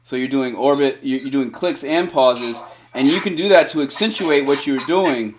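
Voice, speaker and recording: A man's voice: mid-range voice, normal speed, noisy background. A man teaching DJ scratching over a cellphone video call, eager and encouraging, talking in loose, filler-heavy bursts. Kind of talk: casual one-on-one instruction over a video call.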